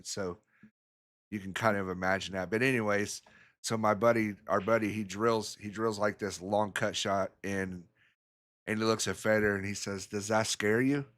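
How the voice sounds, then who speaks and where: A man's voice: lowish voice, a bit bright. A man commentating a pool match in a casual way, rambling through stories and chuckling often.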